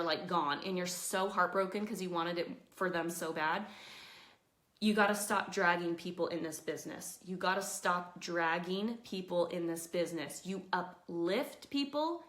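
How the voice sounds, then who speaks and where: A woman talking live to her network marketing team, chatty and earnest, giving motivational highlights. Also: a bit bright, reverberant. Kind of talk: casual Facebook Live talk.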